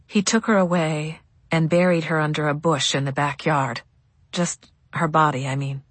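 A woman playing a weary, tender young mother who speaks softly and sadly to her child. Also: deep voice, steady tone, normal speed, husky, no room sound. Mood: sorrowful. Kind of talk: audiobook dialogue.

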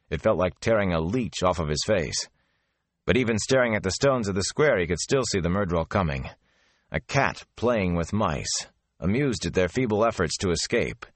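A man narrating a fantasy audiobook in a steady, measured storytelling manner. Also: sits low, dry recording.

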